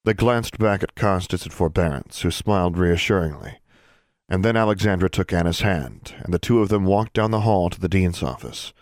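A man with a deep, low voice reads an audiobook in an even, measured way. The recording is dry and close, with no room sound around him. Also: dry recording. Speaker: audiobook narrator. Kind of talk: audiobook narration.

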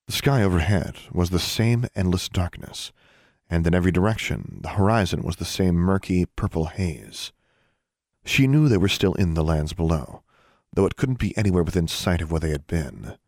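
Deep-voiced guy reading a fantasy audiobook, steady and measured, dry close mic. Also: dry recording. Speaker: narrator. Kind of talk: audiobook narration.

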